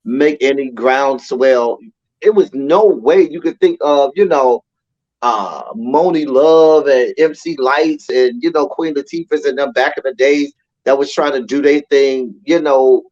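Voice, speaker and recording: A man's voice: mid-range voice, unhurried, a little mellow, dull audio. A man co-hosting a casual podcast chat, looking back on music history in a reflective manner with frequent "you know" fillers. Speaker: co-host.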